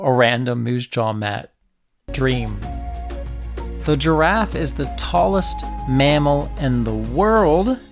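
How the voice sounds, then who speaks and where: A man's voice: medium pitch, gravelly. A man hosting a children's nature and science podcast, explaining facts in a playful, jokey way and asking the listener questions. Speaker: host of a kids' science podcast. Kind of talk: educational narration for children.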